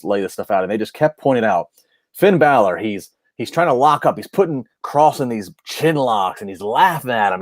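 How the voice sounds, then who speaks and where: Male podcast co-host, mid-pitch, dry close sound; animated, restarts a lot mid-sentence. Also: no echo. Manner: animated match recap with lots of restarts. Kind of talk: casual review chat.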